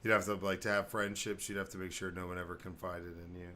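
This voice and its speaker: A man's voice: deep voice, fast talker, slight background noise. A man hosting a casual podcast chat, joking around and slipping into silly voices. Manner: animated, joking, slips into silly put-on voices. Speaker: podcast host.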